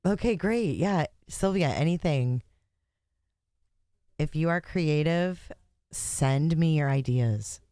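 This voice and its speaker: A woman's voice: deep voice, animated, slow pace, long pauses, dark tone, no room sound, studio quality. A woman hosting a casual livestream, chatting and joking with her viewers between court sessions. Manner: chatty, joking, talks to chat. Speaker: livestream host.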